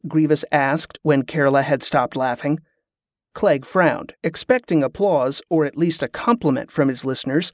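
A man reading an audiobook in steady scripted narration. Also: on the high side, normal speed, no echo, clean studio sound.

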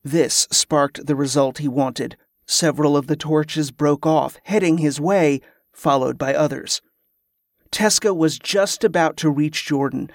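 A man narrating a fantasy audiobook with a somewhat high voice, reading in a steady, even way. The sound is dry and close, with no room at all. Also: no echo. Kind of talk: scripted narration.

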